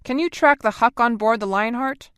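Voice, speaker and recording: A woman reading the part of a male marine commander who gives clipped, crisp orders in an audiobook. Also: a little high, normal speed, fairly bright tone, no room sound, clean studio sound, pitched above the performer's own voice, close to an everyday voice. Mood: brisk.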